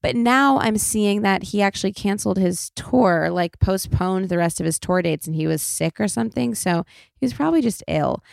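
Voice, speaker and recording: Gravelly, chatty young woman host. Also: medium pitch, normal speed, dry recording, studio quality. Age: young adult. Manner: chatty, rambling, swears freely, self-deprecating. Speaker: podcast host. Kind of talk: casual chat.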